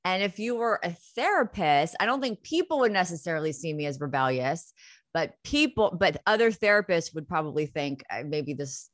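A woman in her forties speaks frankly as a therapist guest, unfiltered and easygoing. Her voice is lowish for a woman. The recording is dry and close. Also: very animated, moderate pace, no room sound. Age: 40s. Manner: frank, unfiltered, swears freely. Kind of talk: casual interview.

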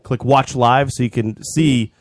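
A man's voice: medium pitch, fairly even intonation, measured pace, no echo. A young man co-hosting a podcast, casually rambling through a story with lots of animation. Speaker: podcast co-host. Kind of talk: casual chat.

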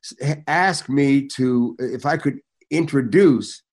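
An older man, an actor appearing as a guest, shares anecdotes in casual conversation, speaking slowly at a medium pitch. He's an animated storyteller who acts out the people he quotes.

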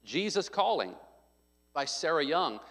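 A male pastor preaching a sermon, emphatic and conversational, with frequent restarts and loud stressed points. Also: fairly high pitch, big pitch swings, a little slow, big-room sound.

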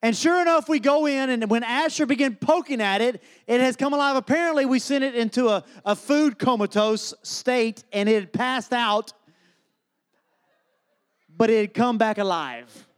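A man's voice: very high voice, normal speed, smooth. A man preaching a sermon, telling a funny family story as a lead-in to his message. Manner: humorous, animated storyteller. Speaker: pastor.

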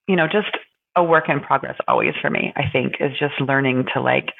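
A woman co-hosting a podcast, speaking in a halting, thoughtful way with many pauses and fillers as she reflects. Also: rumbling low, creaky. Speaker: podcast co-host. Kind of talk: casual reflective conversation. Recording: tinny phone-like line.

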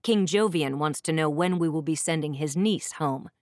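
A woman's voice: sits low, moderate pace, darkish tone, dry recording, clean studio sound, close to an everyday voice. A woman voicing a haughty young prince who speaks curtly and sarcastically in an audiobook. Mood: curt, mocking. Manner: sarcastic, snappish. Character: haughty young adult prince, curt and commanding.

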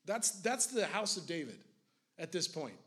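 A man's voice: a little high, big pitch swings, moderate pace, breathy edge. Casual, impassioned man preaching. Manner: conversational, fillers of "like", rising to intense then hushed. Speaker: pastor. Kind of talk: sermon.

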